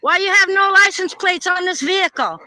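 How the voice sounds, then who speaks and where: A man films police at a traffic stop and speaks in a flat, dry, confrontational way. His voice is high and piercingly bright. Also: brisk. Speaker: citizen filming police.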